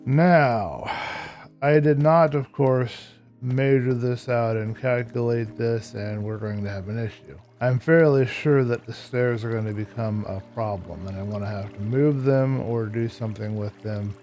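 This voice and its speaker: A man's voice: mid-range voice, unhurried, darkish tone, faint music behind. A man giving casual Minecraft gameplay commentary, a little tired and yawning, who likes to explain each step as he builds. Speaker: Minecraft YouTuber.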